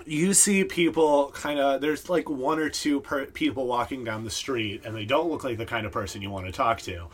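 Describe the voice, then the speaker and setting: A male game master narrating a tabletop game in a mid-pitched, everyday voice. He rambles loosely, with lots of fillers and restarts. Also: moderate pace.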